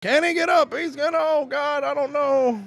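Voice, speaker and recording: A man co-hosting a podcast, reacting excitedly to a film as it plays in a commentary track and laughing often. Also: very high-pitched, moderate pace, no echo. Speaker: podcast co-host.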